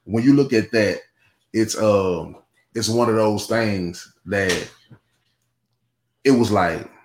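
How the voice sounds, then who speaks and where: A guest on a casual podcast, this man speaks slowly in a lowish voice with a darkish tone. He rambles through many restarts and asides, often saying "you know what I'm saying." The room gives a roomy echo.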